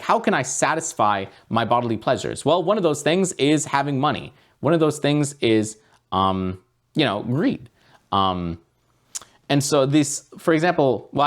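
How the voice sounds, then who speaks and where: A man hosting his own video channel, explaining ideas in a casual, meandering way with many fillers and restarts. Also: mid-range voice. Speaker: YouTube host.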